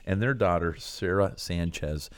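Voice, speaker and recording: A middle-aged man with a notably low, deep voice hosts a ministry podcast in a casual, earnest tone. He encourages his listeners warmly and fills his pauses with "uh" and "um." His pitch sits well below most men's. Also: clean tone, dry recording. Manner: earnest, encouraging, many fillers. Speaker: podcast host, preacher.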